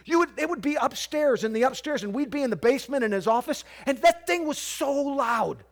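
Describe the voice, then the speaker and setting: A man preaching a sermon to his church, swinging from quiet, low asides to loud, squawking outbursts. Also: lively intonation, brisk, creaky. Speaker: pastor.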